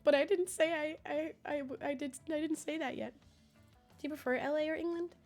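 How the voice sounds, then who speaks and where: A young woman with a fairly high voice talks loosely to her viewers from home, her throat hoarse and sniffly from a cold. She rambles, restarts her sentences and laughs often. Soft music plays behind her. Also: steady tone, normal speed. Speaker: streamer. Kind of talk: casual chat with viewers.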